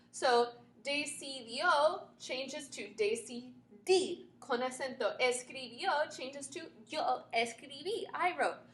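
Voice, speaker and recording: A woman's voice: sits high, pushed and bright. A woman teaching a Spanish grammar lesson who patiently spells words out letter by letter.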